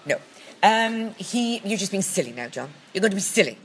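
A Scottish woman co-hosting a podcast in casual chat, dry and teasing, with drawn-out asides. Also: medium pitch, sing-song, husky. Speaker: podcast co-host.

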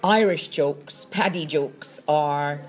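A man hosting a casual podcast, chatty and quick to interject with mock-stern remarks. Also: fairly high pitch, faint music behind.

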